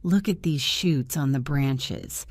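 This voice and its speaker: Woman voicing a friendly country boy, gentle, low, slow. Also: no echo, studio quality, exaggerated voice. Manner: gentle, easygoing.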